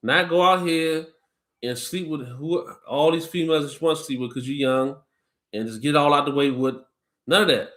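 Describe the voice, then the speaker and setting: Bright-voiced man reading scripture slowly. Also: fairly high pitch. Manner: reads verses slowly and deliberately, then scolds listeners in blunt slang. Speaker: scripture reader and co-teacher. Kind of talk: Bible study reading and preaching.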